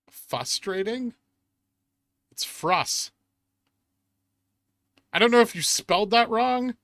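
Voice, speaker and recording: A man's voice: on the high side, fairly bright tone, no echo. A man streaming live, reading chat aloud and bantering in a sardonic way, swearing often and laughing at himself.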